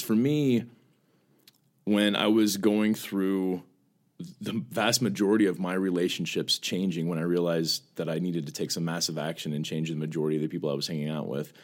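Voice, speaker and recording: A man's voice: sits low, fairly even intonation, fairly quick. A man co-hosting a podcast, telling a personal story in an earnest, casual way, often repeating words as he starts phrases. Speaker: podcast co-host.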